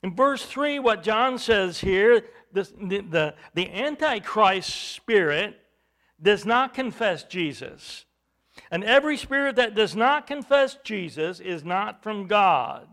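A man's voice: high voice, lively intonation, takes it slowly, fairly bright tone. A man preaching a sermon, teaching from scripture in an emphatic way, with bursts of volume.

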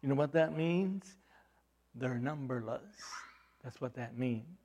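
A man preaching a sermon, asking the congregation rhetorical questions and swinging from loud emphasis to hushed, low delivery. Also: slow, slight background noise. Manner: repeats words and restarts, rhetorical questions. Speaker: pastor.

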